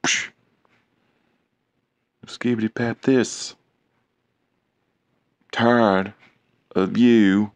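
Gravelly low-voiced man teasing his cat. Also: slow, pauses often, no room sound, dull audio. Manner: teasing, nagging, repeats himself. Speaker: pet owner filming his cat. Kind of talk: casual teasing vlog.

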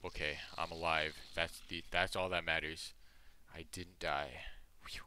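A man commentating on a video game playthrough in a playful, jokey way with bursts of loud excitement. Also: sits low, unhurried, a little hiss or hum. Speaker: gaming streamer. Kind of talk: let's play commentary.

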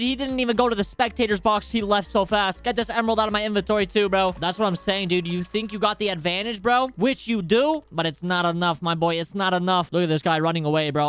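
A young man giving energetic, slangy gameplay commentary, trash-talking opponents and calling everyone bro and dude. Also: high-pitched, fast talker, hardly any pauses, faint music behind. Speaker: gaming YouTuber.

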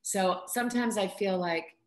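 A woman's voice: mid-range voice, a little slow, darkish tone, reverberant. A woman hosting a casual interview, chatty, asking questions and laughing easily. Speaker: interview host and acting coach.

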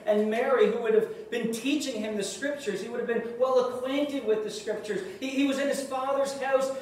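A man preaching a sermon in earnest, rising to loud emphasis and dropping to hushed asides. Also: very high-pitched. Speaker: pastor. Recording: echoey room, mic at a distance, faint noise.

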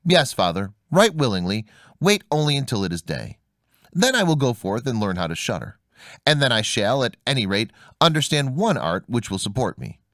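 A man's voice: mid-range voice, big pitch swings, normal speed, fairly bright tone, no room sound, clean studio sound. A man voicing a simple, fearless young man who speaks plainly, stubborn and earnest, in a storybook reading. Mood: willing.

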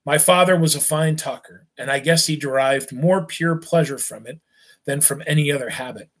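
Man reading a novel aloud, slightly high. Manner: steady, unhurried reading with small slips.

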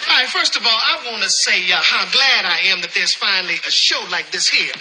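Preachy revolutionary guy, aggrieved, hits his words hard, high lively voice, hissy old TV clip. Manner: emphatic, drawn-out street preaching. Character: self-styled revolutionary man, preachy and aggrieved. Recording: noisy old TV broadcast clip.

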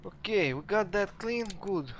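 A man with a Russian accent giving chatty, excitable let's play commentary to his viewers. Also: sits high, unhurried, slight background noise. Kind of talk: gameplay commentary.

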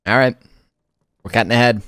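A man's voice: mid-range voice, brisk, a bit bright, no echo. A man giving casual let's play commentary on a horror game, rambling with laughing asides. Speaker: gaming YouTuber.

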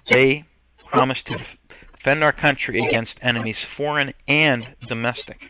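A man's voice: medium pitch, no room sound. Earnest man in a muffled podcast monologue. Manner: earnest and emotional, with frequent self-corrections. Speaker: podcast host. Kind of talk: podcast monologue, partly reading aloud. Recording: slightly muffled podcast audio, faint hiss.

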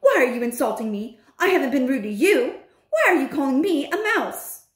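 A woman voicing a greedy, loudmouthed rich boy who has been turned into a mouse, shouting indignantly. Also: high voice, wildly swooping pitch, measured pace, distant mic, voice pushed up, full character voice. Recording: roomy echo.

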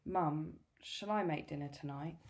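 A woman's voice: deep voice, a little slow, darkish tone. Earnest cheeky boy, read by a woman.

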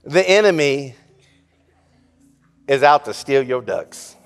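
A man preaching a sermon as pastor, telling a folksy joke story and speaking in a lively, conversational way. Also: mid-range voice, slow pace, gravelly. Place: church sanctuary.

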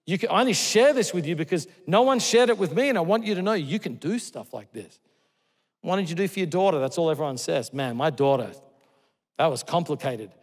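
A middle-aged man from Australia, preaching a sermon. He tells stories earnestly, moving between loud exclamations and hushed, tender lines. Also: high voice, expressive, fast. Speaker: pastor. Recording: long hall reverb.

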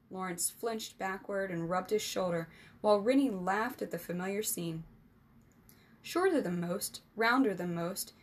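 Woman reading a storybook aloud. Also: husky. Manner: voices boys' dialogue with higher, louder pitch. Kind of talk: scripted narration.

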